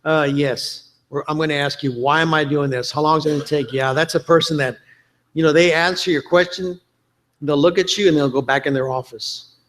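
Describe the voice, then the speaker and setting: A man's voice: fairly high pitch, steady tone, fairly quick, a bit bright. A man giving a chatty, joking conference presentation, quoting movie lines for laughs. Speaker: conference speaker.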